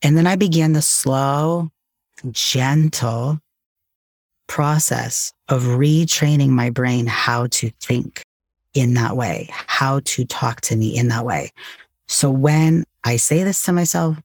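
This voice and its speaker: A man with a gravelly, slightly husky voice talks candidly and earnestly as a podcast guest. His speech is casual and unpolished. The sound is dry and close. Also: mid-range voice, slow pace, no room sound. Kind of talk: reflective conversation.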